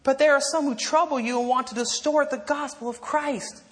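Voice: sits high, steady tone, brisk, fairly bright tone, long reverb tail, pitched above the performer's own voice. A preacher acting out an indignant male apostle who scolds his flock, exclaiming with raised emphasis. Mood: astonished.

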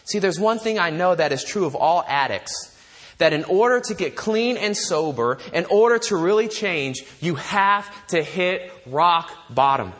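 High-voiced man preaching a sermon. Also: a little slow. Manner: storytelling, animated, with frequent restarts and laughs. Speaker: pastor.

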